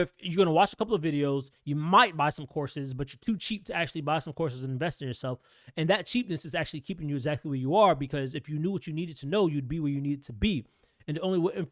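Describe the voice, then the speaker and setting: Blunt fast-talking man. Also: a little high, no room sound, clean studio sound. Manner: blunt, ranting, streetwise slang. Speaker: notary business coach. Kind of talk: blunt motivational talk to camera.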